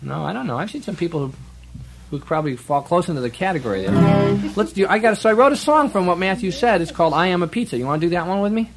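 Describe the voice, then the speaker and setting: A man's voice: high-pitched, big pitch swings, fast, vocal fry. A man, a children's folk singer, chatting playfully and quizzing a young audience between songs in a radio studio. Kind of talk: live children's concert patter. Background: acoustic guitar.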